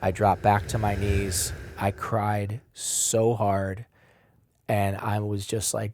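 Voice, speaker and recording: A man's voice: fairly low pitch, slow. Blunt, swearing man telling his story. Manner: animated, swings between loud and quiet. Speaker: podcast guest. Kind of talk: emotional personal storytelling.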